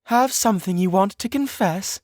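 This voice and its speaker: A man's voice: on the high side, sing-song, normal speed, no echo, studio quality, voice pushed up. A man narrating an audiobook voices a playful young woman with a sing-song, teasing way of talking.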